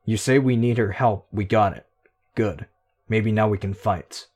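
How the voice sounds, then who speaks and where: A man's voice: fairly low pitch, measured pace, darkish tone. A man voicing a brash, impatient teenage girl in an audiobook, in short dismissive phrases. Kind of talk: audiobook character voice.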